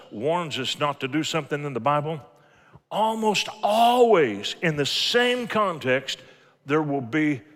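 A man's voice: on the high side, a bit bright. A middle-aged man preaching a sermon, telling folksy stories from family life and quoting scripture. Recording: long hall reverb.

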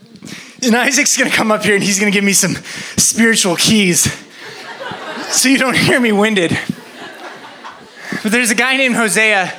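A man's voice: sits high, bright, forceful tone. A young man preaching to children, out of breath and talking in jokey, laughing asides. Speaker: youth preacher. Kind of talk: energetic kids' sermon.

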